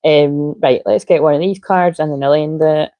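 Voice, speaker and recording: A woman's voice: low-pitched, steady tone, normal speed, warm tone, no echo. A woman giving a casual, rambling tarot reading, drifting off topic and swearing now and then. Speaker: tarot reader.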